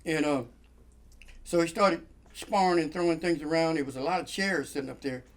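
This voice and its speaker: A man speaking a little fast with a fairly high pitch. As guest storyteller, he narrates a long humorous story in easygoing chat, staying animated, mimicking the voices of those in it, and laughing often.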